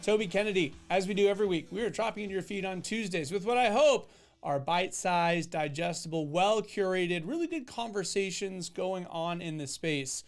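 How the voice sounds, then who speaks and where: A man's voice: high-pitched, expressive, brisk, soft background music. A man hosting a podcast, introducing the show and his guest with eager enthusiasm. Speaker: podcast host.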